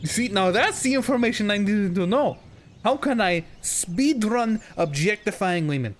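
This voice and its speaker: A man's voice: high voice, expressive, normal speed, slight background noise. Joking young man streaming a game. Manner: joking, sarcastic, breaks into silly voices. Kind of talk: casual live-stream commentary.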